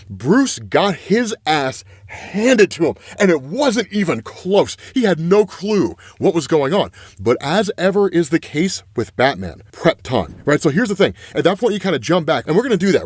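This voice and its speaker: Excitable man recapping comics. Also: a little high, breathy edge, no echo, studio quality. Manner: excitable, keeps adding "right?". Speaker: comics commentator. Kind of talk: casual video commentary.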